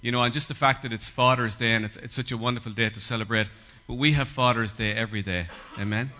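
A man's voice: medium pitch, fairly even intonation, fast, pushed and bright. An Irish man, a guest pastor, giving an earnest, hesitant greeting to a congregation. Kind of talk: church greeting.

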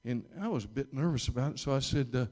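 A male pastor telling a story from the pulpit in a mid-range voice. He rambles, restarts his sentences and repeats little words. He pushes up in pitch and volume when he stresses a point. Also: quick pace, a little mellow. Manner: emphatic, rising in pitch and volume at key moments. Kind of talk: storytelling sermon.

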